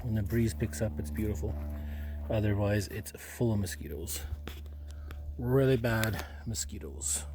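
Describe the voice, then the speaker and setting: A young man chatting casually to the camera while camping outdoors by a marsh, rambling in a relaxed way with quiet offhand asides to himself. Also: on the low side, unhurried. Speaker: solo camping vlogger. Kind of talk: casual outdoor vlog commentary.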